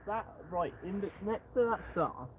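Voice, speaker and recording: A man's voice: high voice, lively intonation, normal speed, narrow, tinny audio. A man beside the host on an outdoor night livestream, making brief, curious remarks. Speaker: companion on the livestream.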